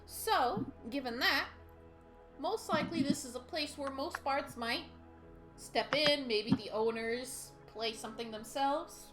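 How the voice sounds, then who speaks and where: A woman narrating a tabletop game as game master, unhurried and quick to laugh. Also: high voice, over music.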